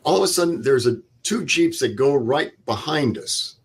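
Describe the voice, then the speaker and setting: A man's voice: medium pitch, animated, normal speed, breathy edge. An older man, a veteran guest, telling a vivid step-by-step war story and acting out the dialogue. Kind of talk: interview storytelling.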